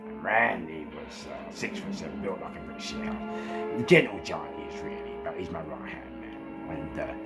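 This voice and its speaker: A middle-aged man with a London accent telling a nightclub security story, animated, laughing often and swearing freely. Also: very deep voice, moderate pace, vocal fry. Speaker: former nightclub security boss. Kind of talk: storytelling anecdote. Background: background music.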